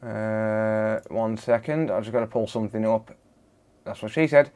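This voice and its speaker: A man's voice: fairly low pitch, fairly even intonation, moderate pace, a little mellow, clean tone. A man hosting a live stream, greeting viewers one by one and bantering casually with his chat. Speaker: live-stream host, electronics repairer.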